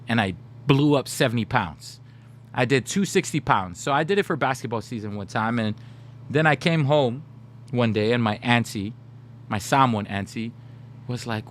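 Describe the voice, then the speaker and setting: A man in his thirties streaming, telling funny stories to his chat in a casual, animated way. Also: mid-range voice, a little fast, a little hiss or hum. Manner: animated, laughing, slips into put-on voices for quoted people.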